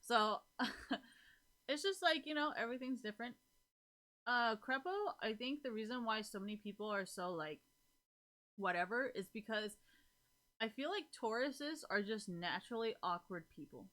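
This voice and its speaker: A woman's voice: on the high side, lively intonation, moderate pace, pauses often, fairly bright tone. A woman livestreaming and chatting casually with her viewers, rambling through her thoughts with plenty of fillers, frequent laughter and casual swearing. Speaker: live streamer chatting with viewers. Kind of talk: casual chat.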